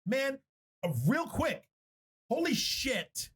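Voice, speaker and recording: High-voiced man, animated podcast chat. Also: slow. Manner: animated, profane storytelling. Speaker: podcast co-host.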